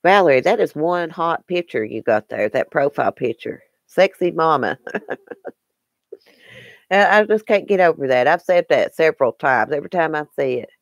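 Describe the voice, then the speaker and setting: A woman's voice: sits low, animated, moderate pace, no room sound, studio quality. A woman with a Southern American accent hosting a casual live stream, chatting and answering viewer comments by name.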